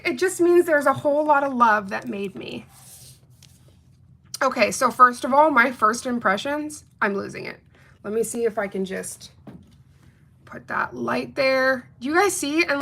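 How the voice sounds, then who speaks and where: A woman's voice: a little high, gravelly, fairly bright tone. A young adult woman reviewing nail polish in a casual unboxing chat, bubbly and chatty, talking straight to her viewers.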